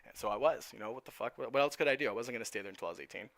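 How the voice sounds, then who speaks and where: A young man from New Jersey telling a personal story in an animated, profane way, acting out the dialogue. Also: mid-range voice, racing, no echo. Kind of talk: casual storytelling.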